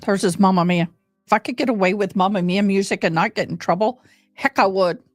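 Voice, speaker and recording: A woman's voice: medium pitch, brisk, dry recording, clean studio sound. A woman livestreaming a game in a casual chat, talking straight to her viewers. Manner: chatty, addresses viewers directly. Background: faint game music.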